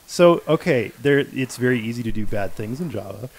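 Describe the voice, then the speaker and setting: Male dev co-host, mid pitch, easygoing explainer in casual livestream chat. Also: expressive, a little fast, a little mellow, slight background noise. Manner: easygoing, explanatory, laid-back.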